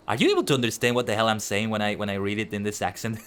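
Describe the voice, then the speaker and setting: A man's voice: lowish voice, racing, hardly any pauses, a bit bright, soft background music. A man streaming himself playing a game, chatting casually and rambling in a self-deprecating way. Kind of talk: casual gameplay commentary.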